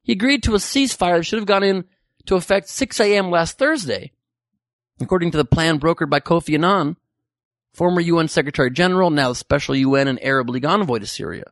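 A man's voice: a little high, fast, a bit bright, no room sound, clean studio sound. A man hosting a podcast, riffing sarcastically and profanely on news headlines. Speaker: podcast host. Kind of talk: comedic news commentary.

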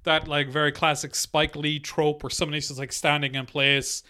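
A man with a high, bright and smooth voice co-hosting a casual film podcast. He jokes and laughs a lot, with many loose "like" fillers. His tone stays bright and easy. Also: little pitch movement, normal speed. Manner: joking, laughs often, fills with "like". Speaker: podcast co-host.

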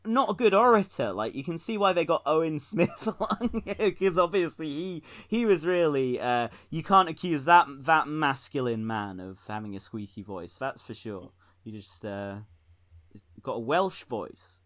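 A man's voice: a little high, expressive, moderate pace, fairly bright tone. A man co-hosting a casual political podcast, wry and rambling, often laughing at his own jokes. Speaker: podcast co-host.

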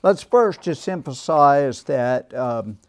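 A man teaching an evening Bible class, speaking in a thoughtful, unhurried way with frequent restarts and pauses. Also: medium pitch, expressive. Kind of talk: Bible class lecture with discussion.

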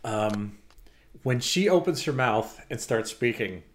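Male podcast co-host, mid-pitched, rambling and digressive, casual delivery. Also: animated, slow. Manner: rambling, digressive with many restarts. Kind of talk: casual chat.

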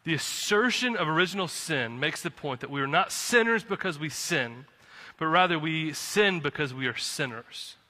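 A man preaching a sermon as pastor from the pulpit, impassioned, swinging from quiet to fired-up. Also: a little high, expressive, normal speed. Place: church sanctuary. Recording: long reverb of a hall.

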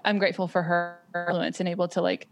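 A woman's voice: on the low side, level tone, fast talker, faint music behind. A woman who is a parent and a podcast guest, talking reflectively in casual conversation, with lots of "um" and "like" and frequent restarts. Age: adult with children.

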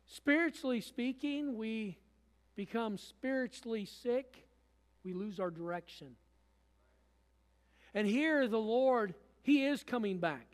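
A man's voice: high voice, in a large hall. A man preaching a sermon as pastor, repeating phrases and restarting often. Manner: preaching with repetition and frequent restarts. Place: church.

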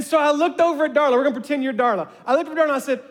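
High-voiced pastor in a reverberant sanctuary. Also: male voice, very fast, few pauses. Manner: storytelling, animated with his congregation. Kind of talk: sermon.

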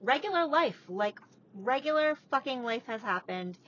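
A woman's voice: a little high, lively intonation, moderate pace, fairly bright tone. A woman co-hosting a podcast from inside a parked car, chatting bluntly and casually with a bit of swearing. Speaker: podcast co-host, salon owner. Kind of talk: casual chat. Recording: dull lo-fi sound, faint background noise.

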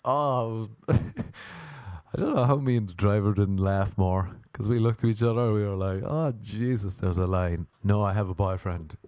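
Irish man, young adult, casual storytelling, lower voice, dry recording, animated. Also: a little slow, no room sound. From Ireland. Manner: animated, laughing, leaps up in pitch for emphasis.

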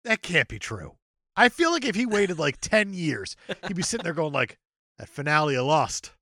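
A man's voice: sits high, moderate pace, no echo, clean studio sound. A man co-hosting a casual comedy podcast about movies, ranting with profane jokes. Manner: profane, animated, jokey rants. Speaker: podcast co-host.

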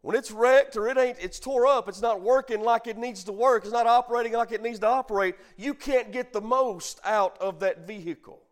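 A man's voice: extremely high pitch, fairly quick, hardly any pauses. A middle-aged man preaching a sermon as pastor, calling the congregation to answer and telling a folksy family story. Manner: preaching with call-and-response, bursts of emphasis.

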